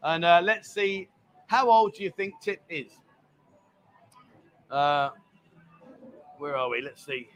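A man's voice: on the high side, lively intonation, slow pace, long pauses, a bit bright. Chatty man hosting a bar show. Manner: chatty, teasing, reads viewer comments aloud. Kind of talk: casual livestream chat.

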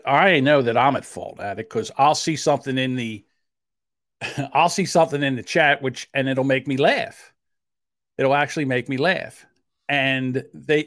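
Heated South Jersey podcast host. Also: male voice, fairly bright tone, no echo, clean studio sound. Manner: defensive, heated, quick to rise in pitch; admits a short temper. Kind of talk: casual argumentative podcast banter.

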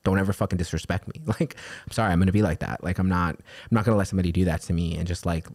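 A man talking in a casual chat, animated and profane, laughing often. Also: low-pitched, racing, creaky, no echo. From New York.

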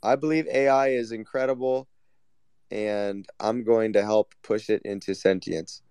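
Deadpan gravelly man in casual chat. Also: on the low side, unhurried, no room sound, studio quality. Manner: deadpan sarcastic, mock-earnest teasing. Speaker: host.

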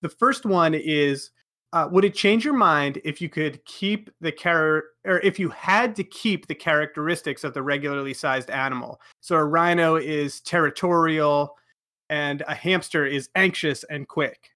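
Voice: mid-range voice, measured pace, bright, forceful tone. A podcast host in a casual group chat, laughing often while leading the discussion.

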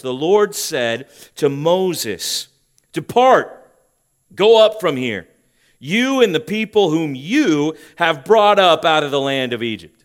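A man preaching a sermon as pastor, swinging between loud emphasis and hushed tones. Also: mid-range voice, clear, resonant tone.

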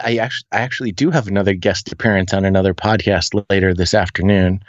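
An American man with a fairly low voice answers as a podcast guest. He talks in an animated, quick way with plenty of fillers and restarts. His audio is a little dull and dry, with no room sound. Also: no echo. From United States. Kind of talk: casual conversational interview.

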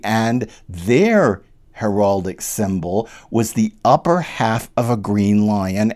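A man giving an animated lecture that walks through a poem line by line and tells the history behind it. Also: fairly low pitch. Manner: lively, animated storytelling with rising emphasis. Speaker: literature lecturer.

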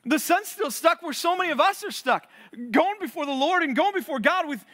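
A man, a pastor, preaching a sermon in an earnest way, his voice swelling and then dropping low for emphasis, often repeating words as he builds. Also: expressive, brisk, bright, forceful tone. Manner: repeats and restarts words while building intensity.

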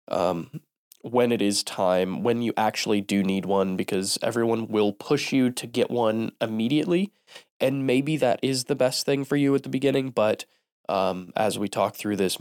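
A man's voice: on the low side, clean tone, no room sound, clean studio sound. Stuffy-nosed man hosting a podcast. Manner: relaxed, many ums and uhs. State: stuffy, nasal from a cold. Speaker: podcast host. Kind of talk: casual solo podcast talk.

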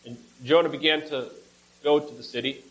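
A man's voice: fairly high pitch, steady tone, normal speed, a bit bright, low-quality recording. A man preaching, reading a scripture passage aloud with casual asides and small self-corrections.

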